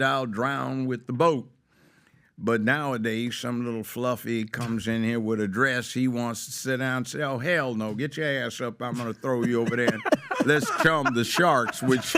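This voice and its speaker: Older man, gravelly voice, mid pitch, emphatic, opinionated talk show guest. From United States. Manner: emphatic, rising to loud exclamations. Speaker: guest, former judge.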